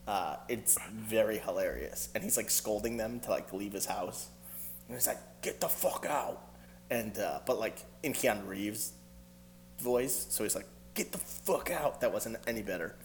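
A man's voice: fairly low pitch, moderate pace, soft background music. A man telling a rambling movie story in a casual podcast chat, full of fillers and laughing asides.

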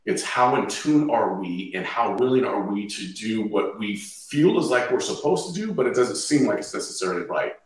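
A man's voice: on the low side, expressive, normal speed, hardly any pauses. A man, a podcast guest, earnestly sharing his faith and quoting scripture freely in conversation. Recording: echoey, distant from the mic.

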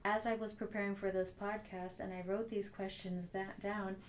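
A woman's voice: mid-range voice, little pitch movement, moderate pace. Woman doing a solo self-help podcast, thoughtful and earnest, repeats herself a lot, faint hiss. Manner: earnest, reflective, repeats phrases for emphasis. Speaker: podcast host. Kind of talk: solo motivational podcast talk.

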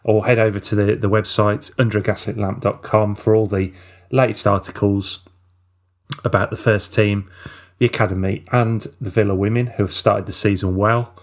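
Low-voiced man hosting with many ums. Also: flat delivery, moderate pace. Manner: hesitant, says um often. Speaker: podcast host. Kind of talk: casual fan podcast chat.

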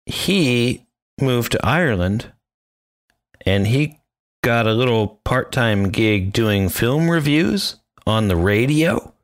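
A man's voice: medium pitch, animated, slow pace. A man co-hosting a podcast, chatting casually with profane, jokey banter. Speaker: podcast co-host. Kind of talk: casual chat.

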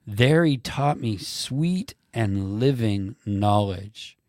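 A man hosting a faith conversation, reading quotes slowly and emphatically like a preacher. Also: lowish voice, lively intonation, darkish tone, no echo, studio quality. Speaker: podcast host.

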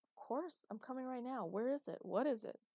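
A woman's voice: high voice, fairly quick, mellow, no echo, clean studio sound, pitched above the performer's own voice. Woman voicing a protective, fiery father. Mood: alarmed. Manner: urgent and insistent. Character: protective father, worried then furious.

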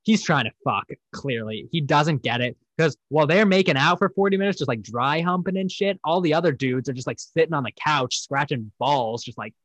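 A man's voice: on the high side, expressive, brisk, few pauses, a bit bright, no echo, dull audio. Rambling, profane young man. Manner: rambling, profane, acts out quotes in mocking voices. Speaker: podcast host. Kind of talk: casual chat recapping a dating show.

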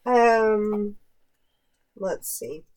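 A woman of middling pitch hosts a podcast in easy conversation. She talks in an animated way and laughs often between her points. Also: extremely slow. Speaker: podcast host. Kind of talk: casual chat.

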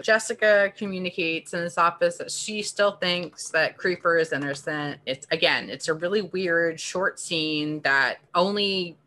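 A woman's voice: lowish voice, moderate pace, few pauses, pushed and bright, slight background noise. A woman co-hosting a podcast, recapping an episode in casual chat with sarcastic asides and lots of "like.". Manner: chatty, sarcastic, frequent "like" fillers. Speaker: podcast co-host.

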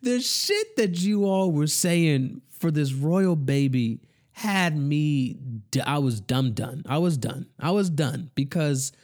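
Animated man ranting profanely. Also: a little high. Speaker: commentator. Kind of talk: casual rant.

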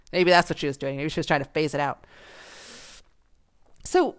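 A woman's voice: deep voice, slow pace, smooth. A middle-aged woman hosting her own podcast, talking casually and chattily with frequent laughs. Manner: chatty, gossipy, laughs often, animated. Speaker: podcast host. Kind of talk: casual solo podcast monologue.

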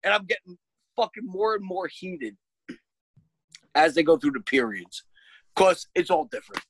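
A man tells a story in casual chat, exasperated and swearing freely, his voice sitting a little high. The sound is close and dry, with no room around it. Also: huge pitch swings, a little slow, creaky, slightly rough, dry recording, rough recording. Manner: shouts when quoting himself. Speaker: podcast host, parent.

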